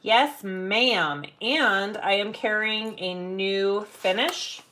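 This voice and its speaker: A woman's voice: mid-range voice, extremely slow, pushed and bright, slight background noise. Chatty woman teaching a live sewing class. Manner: chatty, explains while working, hums filler sounds. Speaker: sewing instructor and shop owner.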